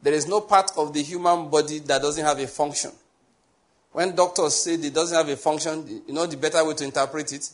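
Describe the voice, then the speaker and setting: A man with a Nigerian accent preaching a sermon as pastor, joking and digressing, then slowing down to spell out his points one by one. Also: fairly high pitch, steady tone. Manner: joking, digressive, laughs often between points; slow, spelled-out teaching with lists.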